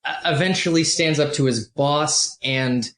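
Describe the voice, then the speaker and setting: A man hosting a podcast, talking through a film in a measured, analytical way. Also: fairly high pitch, fairly bright tone. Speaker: podcast host. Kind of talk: casual film discussion. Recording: roomy echo.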